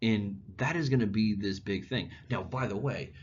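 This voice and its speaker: A man's voice: fairly low pitch, normal speed, slightly rough, lo-fi sound. A male history teacher giving a casual, chatty classroom lecture. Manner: casual, chatty, animated storytelling.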